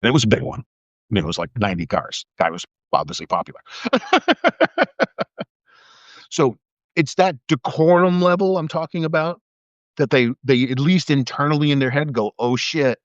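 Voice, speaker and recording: A man's voice: medium pitch, lively intonation, normal speed, pauses often, dry recording, highs cut off. A man in his fifties, a former police officer, telling rambling stories on a live stream and swearing freely. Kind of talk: casual live-stream monologue.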